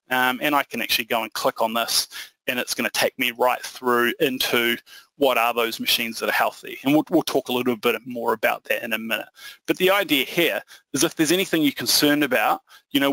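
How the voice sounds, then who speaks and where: A man presenting a software product demo in a conversational, explaining manner with frequent fillers. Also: mid-range voice, no echo, low-quality recording.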